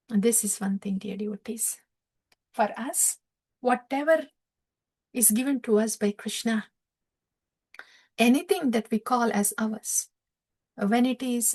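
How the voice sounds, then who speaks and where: A middle-aged woman delivers a devotional storytelling lecture in a fairly high voice. She speaks very slowly and emphatically, repeating key words for weight and dropping into chanted scripture verses. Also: a bit bright. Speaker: spiritual speaker.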